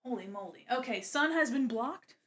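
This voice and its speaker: A woman's voice: on the high side, lively intonation, moderate pace, a bit bright, slightly rough. A woman streamer chatting casually while she draws. She is bubbly, greets her chat and exclaims often.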